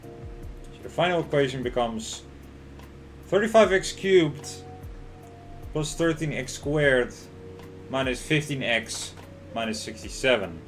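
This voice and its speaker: A man's voice: mid-range voice, animated, slow pace, long pauses, faint music behind. A man streaming a game, reading its story aloud in narration and reacting with laughs and panicky outbursts. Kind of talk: reading a visual novel aloud while playing.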